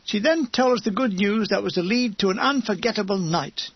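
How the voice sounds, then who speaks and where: A male audiobook reader with a high, gravelly voice tells a comic war memoir with wry description. His tone is husky, and the recording is dry and dull. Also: brisk, no room sound.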